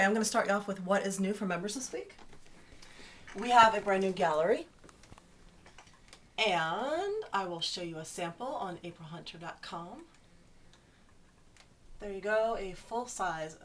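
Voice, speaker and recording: A woman's voice: medium pitch, slight background noise. A woman in her thirties hosting a casual video newsletter for her fans, chatty and playful with teasing asides.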